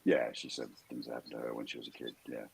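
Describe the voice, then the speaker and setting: A deep-voiced man, talking as a guest and sharing personal stories in a candid way. His voice sits very low and has a husky, slightly rough grain. He speaks with open emotion and laughs easily. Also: level tone, fast talker. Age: 50s. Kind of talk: candid conversational storytelling.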